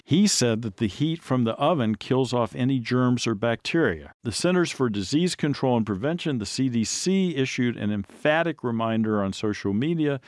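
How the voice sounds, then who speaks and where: A man's voice: mid-range voice, no room sound. A man co-hosting a talk show, laying out facts and figures with dry, joking asides. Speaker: radio show co-host.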